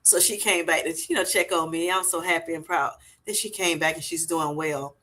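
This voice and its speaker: Bright-voiced woman hosting a casual livestream. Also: low voice, fairly even intonation, a little fast. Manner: chatty, lots of fillers like "you know" and "y'all". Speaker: livestream host. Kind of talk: casual livestream chat, reading viewer comments aloud.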